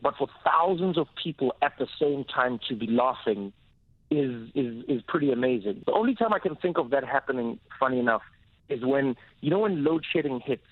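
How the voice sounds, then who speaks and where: South African comedian on the radio. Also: male voice, mid-range voice, fairly quick, dry recording. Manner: lively storyteller, animated. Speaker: guest, comedian. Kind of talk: radio interview. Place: radio studio. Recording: dull, dry radio studio sound.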